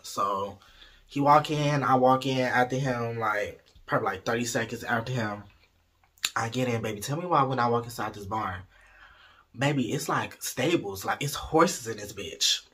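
A man spins a casual storytime tale in a very husky, raspy voice with a bright, forceful edge. He is animated and gossipy, swears freely, and keeps calling his listeners y'all and baby. His pitch sits in an ordinary middle range for a man. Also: moderate pace.

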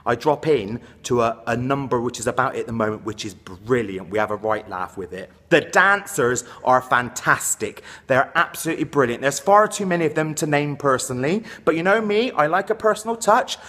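A man's voice: fairly high pitch, normal speed, a bit bright. A man chatting in character in a comic vlog, with camp, self-promoting showbiz patter, out of breath after dancing in a dance hall. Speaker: comedy character vlogger.

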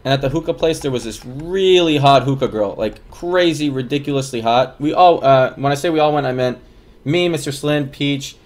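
A man's voice: medium pitch, moderate pace. A man livestreaming, telling a long story to his chat in a rambling, casual way with lots of fillers and laughs.

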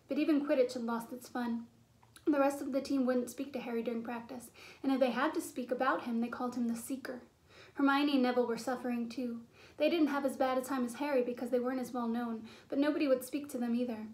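A woman with a high voice reads a children's storybook aloud. Her narration is clear and steady. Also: quick pace. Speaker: audiobook reader. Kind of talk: storybook reading.

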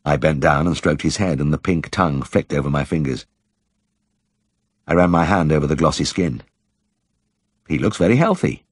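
Deep husky male audiobook narrator. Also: steady tone, moderate pace, no echo, clean studio sound. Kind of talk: scripted narration.

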